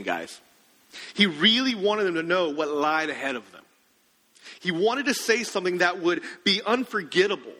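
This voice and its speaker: High, bright-voiced preacher. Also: male voice, big-room sound. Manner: conversational, asks the congregation questions. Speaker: pastor. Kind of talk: sermon.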